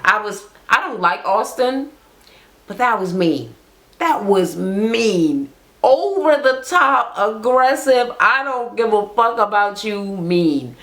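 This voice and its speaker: A woman recapping a reality TV episode as a vlogger, telling it in a blunt, profane, animated way. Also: mid-range voice, takes it slowly. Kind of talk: casual ranting recap.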